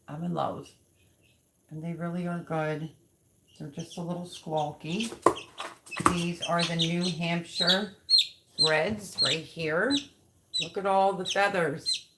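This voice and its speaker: A woman hosting a casual live stream, chatting with viewers and cooing softly to her chicks. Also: low-pitched, steady tone, slow pace. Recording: background noise with bird chirps.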